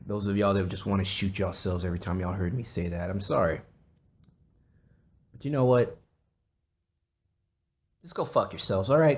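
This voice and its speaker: A man's voice: lowish voice, moderate pace, pauses often, a little mellow, slight background noise. A man hosting a podcast, chatting casually in a rambling, jokey way with a lot of swearing. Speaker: podcast host.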